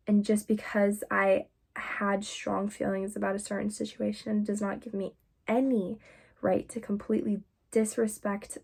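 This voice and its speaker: A woman's voice: mid-range voice, vocal fry, warm tone, slightly rough. A young woman vlogger telling a personal story in a candid, confessional way, full of casual fillers.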